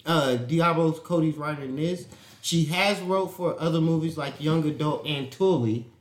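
Eager man co-host, fairly high voice, insistent, roomy echo. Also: moderate pace. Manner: eager, talks over others to hold the floor. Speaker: podcast co-host. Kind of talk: casual chat.

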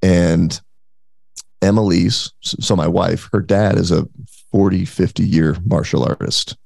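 A man with a very deep, gravelly voice tells his story as a podcast guest, lively and bouncing into other people's voices. The sound is close and dry, with no room around it. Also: a little slow, no room sound. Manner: animated, acts out quoted voices. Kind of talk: casual storytelling.

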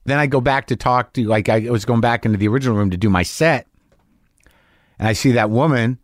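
A man's voice: mid-range voice, brisk, no echo. Profane man telling a story, dry studio. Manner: profane, candid, acts out both sides of an argument. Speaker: podcast host and stand-up comic. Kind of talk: candid storytelling monologue.

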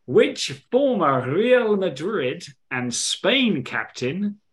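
Man, podcast co-host, casual quiz chat, laughs a lot, thinks out loud. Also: high voice, sing-song, extremely slow. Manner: chatty, laughs often, thinks aloud. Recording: podcast recorded at home.

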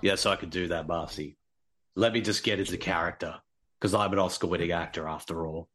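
A man's voice: deep voice, fairly even intonation, a little fast, fairly bright tone, soft background music. A man doing a goofy impression of a famous Australian actor, bragging in a mock Australian accent. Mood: boastful. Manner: boastful, goofy bravado.

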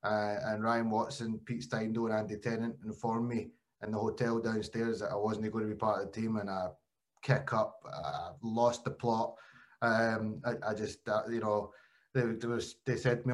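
A man hosts a relaxed podcast conversation. He tells stories animatedly, often restarting his sentences mid-thought. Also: lowish voice, normal speed. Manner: animated storyteller, frequent restarts. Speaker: podcast host and former cricketer. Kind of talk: casual chat, storytelling.

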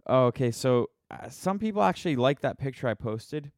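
A man's voice: medium pitch, lively intonation, normal speed, darkish tone, dry recording, clean studio sound. A man ranting casually to his viewers, sarcastic and rambling, poking fun at himself. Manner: sarcastic, rambling, self-mocking. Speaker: vlogger. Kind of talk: casual opinion rant.

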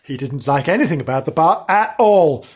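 Husky, giggling storyteller man. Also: fairly high pitch, expressive, moderate pace. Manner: playful, giggly, chatty asides to listener. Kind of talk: comic storybook reading with asides.

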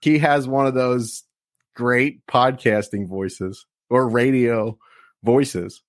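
A man's voice: medium pitch, slow pace, no room sound, clean studio sound. A man co-hosting a casual wrestling podcast, talking in a rambling way with many restarts. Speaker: podcast co-host.

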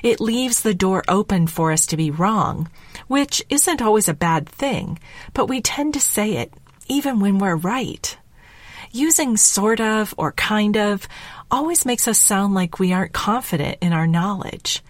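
A woman hosting her own podcast, talking through a prepared solo episode in a measured, reflective way with gentle emphasis. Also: mid-range voice, lively intonation, no echo. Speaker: podcast host. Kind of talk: scripted solo podcast talk.

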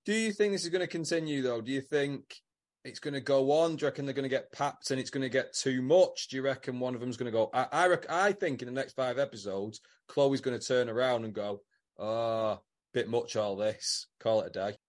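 A man's voice: medium pitch, fast. Male co-host, joking, teasing chat voice. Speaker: podcast co-host. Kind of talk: casual chat.

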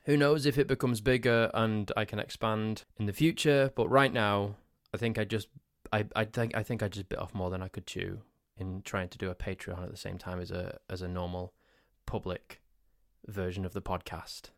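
A man's voice: on the low side, steady tone, moderate pace, dry recording, studio quality. A man hosting a solo podcast, telling a story in a rambling, self-mocking way. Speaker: podcast host.

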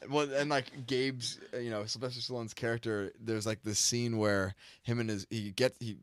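A man co-hosting a film podcast, animated and laughing a lot in casual chat. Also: medium pitch, normal speed, no echo. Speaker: podcast co-host.

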